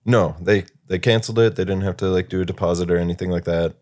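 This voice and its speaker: A man's voice: sits low, fairly even intonation, fast, a little mellow. A man, a podcast co-host, recounting a work story in easygoing casual chat.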